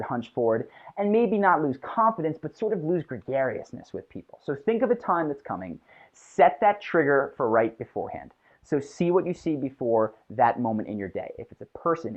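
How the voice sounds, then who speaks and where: A confidence coach talking listeners through a guided self-improvement exercise in a casual, conversational way, often checking in with "right?". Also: medium pitch. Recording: tinny phone-like sound.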